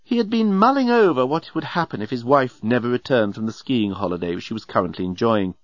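A man narrating an audiobook in a wry, lively storytelling manner. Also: medium pitch, brisk, dry recording, muffled recording.

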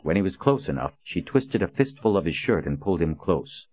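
Deep-voiced man narrating a novel. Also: sing-song, fairly quick, darkish tone. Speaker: audiobook narrator. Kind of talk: scripted narration. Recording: dull lo-fi recording.

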